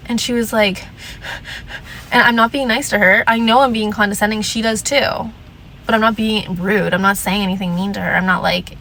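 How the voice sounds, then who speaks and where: A woman's voice: fairly high pitch, fairly even intonation, brisk, a bit bright, a little hiss or hum, poor audio. A young adult woman vlogging casual advice in a sassy, emphatic way, repeating her points. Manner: drops into mocking voices to quote people.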